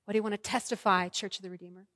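Woman, pastor, sermon, rhythmic repeated phrases, mid pitch, dry close sound. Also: steady tone, very fast, a bit bright, no room sound, long reverb tail. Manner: rhythmic, repetitive preaching cadence; leads congregation in prayer.

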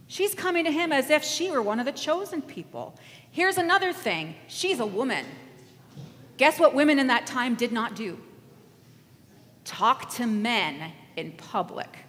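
A woman's voice: high voice, sharp tone. A woman giving an interactive sermon as a preacher, acting out voices and leading the audience in call-and-response. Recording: echoey hall with faint ambience.

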